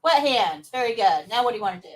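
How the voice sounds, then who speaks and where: A woman's voice: on the high side, lively intonation, fast, recorded from a distance, poor audio. A woman teaching nursing assistant students in a live class, upbeat and coaxing answers from them.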